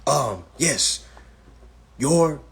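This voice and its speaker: Male livestream host, husky, blunt and profane, lecture-style. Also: mid-range voice, lively intonation, very slow, a bit bright. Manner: blunt, profane and lecturing, repeats "all right". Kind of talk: casual livestream talk. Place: indoors, livestream.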